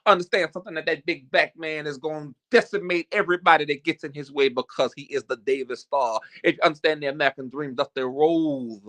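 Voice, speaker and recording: A man's voice: fairly high pitch, fairly even intonation, fairly quick, few pauses, fairly bright tone, natural voice. A man doing an impression of a boastful wrestler cutting a hyped-up promo. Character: boastful male wrestling promo talker, loud.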